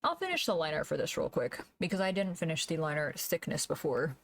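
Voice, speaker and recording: A woman streamer chatting casually while she draws, thinking aloud, humming to herself and laughing softly, into a desk microphone. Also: deep voice, very animated, fairly quick, creaky. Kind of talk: casual live-stream chat while drawing.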